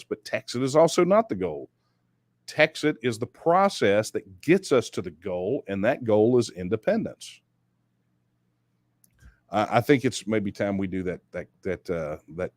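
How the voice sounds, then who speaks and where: A man's voice: mid-range voice, a little mellow, no echo. Dry-voiced man hosting a livestream Q&A. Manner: conversational, repeats and restarts, speeds up when making points. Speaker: host answering viewer questions. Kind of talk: livestream Q&A talk.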